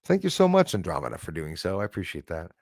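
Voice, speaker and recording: A man's voice: low-pitched, wildly swooping pitch, quick pace, a little mellow, dry recording, clean studio sound. A Canadian man hosting a livestream, chatting casually and rambling with many fillers as he thanks viewers. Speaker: livestream host. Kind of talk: casual livestream chat reading comments.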